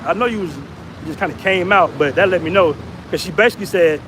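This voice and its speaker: An American man vlogs in a loose, slangy way and gets animated when he retells conversations. His voice sits a little high for a man. The recording is noisy, with street traffic clearly audible behind him. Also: brisk. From United States. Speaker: vlogger. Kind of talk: casual vlog storytelling.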